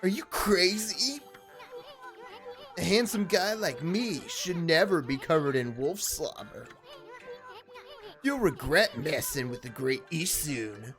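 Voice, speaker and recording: Woman putting on a sleazy little male bug, cocky, boastful, low voice, game music underneath. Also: expressive, exaggerated voice. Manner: boastful, brash, fast-talking. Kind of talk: reading game dialogue aloud.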